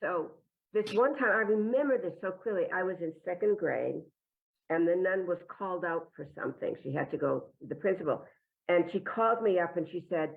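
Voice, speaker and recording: Woman, storytelling monologue, chatty, self-deprecating, gravelly voice, tinny phone-like sound. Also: fairly low pitch, lively intonation, a little fast. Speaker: improv performer telling a story.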